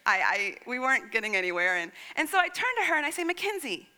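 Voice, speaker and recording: A woman's voice: medium pitch, big pitch swings, quick pace, pushed and bright, clean tone. A woman in her thirties preaching a sermon, telling stories expressively and acting out her child's lines. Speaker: pastor.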